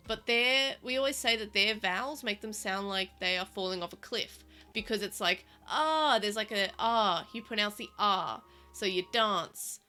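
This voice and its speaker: A chatty Australian woman with bright, forward tone and South Australian-tinged vowels. She rambles casually with lots of fillers and restarts, at an everyday middle pitch, with faint music playing underneath. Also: normal speed, few pauses. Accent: Australian, South Australian vowels, living in Melbourne. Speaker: podcast co-host. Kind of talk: casual chat.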